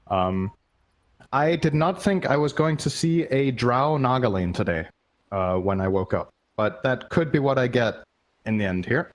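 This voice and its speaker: A man's voice: medium pitch, expressive, a little slow. A man commentating an esports match live, breaking down plays analytically and thinking aloud. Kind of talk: casual live game commentary.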